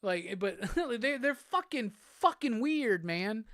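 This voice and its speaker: A man's voice: high-pitched, sing-song, slow pace, a bit bright, no room sound, clean studio sound. A man hosting a live stream, chatting casually, cursing freely and laughing often. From Southern United States. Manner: profane, laid-back, laughs often. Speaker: livestream host. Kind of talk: casual chat reading viewer comments.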